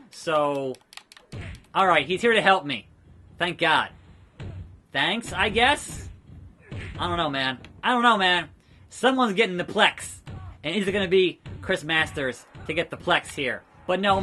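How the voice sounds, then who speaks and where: Excitable high-voiced gaming commentator man. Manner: excitable, dramatic outbursts and wrestling-announcer calls. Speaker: gaming channel host. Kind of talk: let's play commentary.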